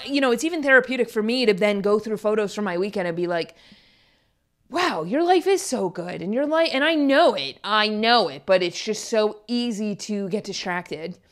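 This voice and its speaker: A woman in her twenties hosting a podcast, rambling in casual chat full of fillers, her pitch jumping when she gets excited. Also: clear, resonant tone. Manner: chatty, rambling storyteller with many fillers. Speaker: podcast host.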